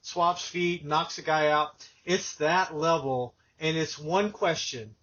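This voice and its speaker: Host type: husky male voice, higher pitched, animated storyteller, dull lo-fi audio. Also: slow. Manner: animated storyteller, acts out quotes. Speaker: podcast host. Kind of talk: casual conversation.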